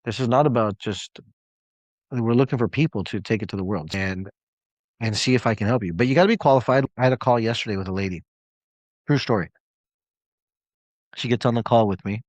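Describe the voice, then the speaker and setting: A man's voice: lowish voice, fairly quick, long pauses, no echo. A man coaching clients on a live call, telling a story in an emphatic, conversational way.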